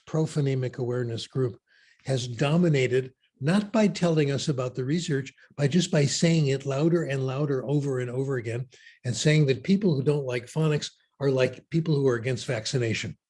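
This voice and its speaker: A man giving a keynote talk and answering audience questions in an opinionated, animated way with wry asides. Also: medium pitch, breathy edge. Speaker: keynote speaker.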